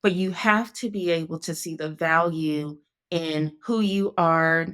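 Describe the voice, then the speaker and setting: Earnest, lower-voiced woman host. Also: unhurried, fairly bright tone, smooth. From Northeast Ohio, USA. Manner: reflective, earnest storyteller. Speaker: podcast host. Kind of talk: casual conversation.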